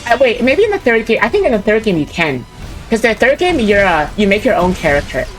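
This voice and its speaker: A woman's voice: mid-range voice, big pitch swings, a little fast, faint music behind. Giggly chatty woman gamer. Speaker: co-op player. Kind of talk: casual gaming chat.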